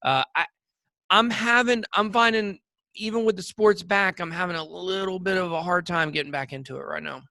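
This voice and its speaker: A man's voice: high voice, normal speed, creaky, sharp tone, dry recording, clean studio sound. A man co-hosting a podcast, telling rambling, jokey stories with lots of fillers. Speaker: podcast co-host. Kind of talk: casual chat.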